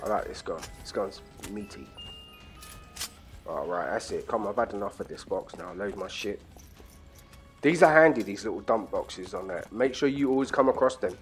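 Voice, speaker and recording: A man giving crude, profane commentary while playing a game, full of excitable banter and sudden shouts. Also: on the low side, normal speed, faint music behind. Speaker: gaming channel host. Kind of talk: profane casual gameplay commentary.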